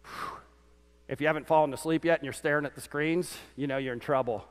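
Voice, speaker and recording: A man preaching a sermon as pastor to his congregation, animated, his voice swinging from loud peaks to quiet lows. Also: fairly quick, clean tone. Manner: animated preaching, voice rising and dropping sharply. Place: church sanctuary. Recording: church sanctuary with long reverb.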